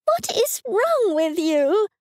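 A woman doing a shrill scolding mother. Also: very animated, slow pace, no echo, clean studio sound, heavily acted. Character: shrill nagging middle-aged mother.

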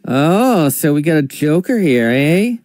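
A man voicing a taunting male gang grunt from a video game in an exaggerated put-on accent, pitched well above his own voice. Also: big pitch swings, measured pace, darkish tone, dry recording, studio quality. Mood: jeering.

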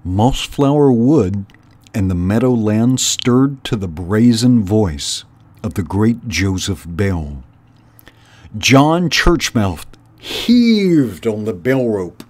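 A man reading a children's novel aloud in an unhurried, deliberate way, as host of a storytime channel. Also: fairly low pitch, a little mellow.

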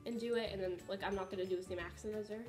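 A woman vlogging playful challenge games at home, giggly and excitable. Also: medium pitch, rapid-fire, roomy sound, faint music behind. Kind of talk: playful game chat at home. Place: home, indoors.

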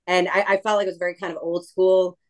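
A middle-aged woman being interviewed about returning to wrestling, talking emotionally with frequent restarts and pauses. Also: fairly low pitch, flat delivery, rough recording. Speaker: guest wrestler. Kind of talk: casual interview chat.

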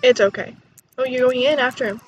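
A young woman chatting excitedly while playing a life-sim game, quick to gasp and exclaim. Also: high-pitched, muffled recording, slight background noise. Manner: excitable, chatty, gasps and laughs. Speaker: gaming YouTuber. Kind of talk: let's play commentary.

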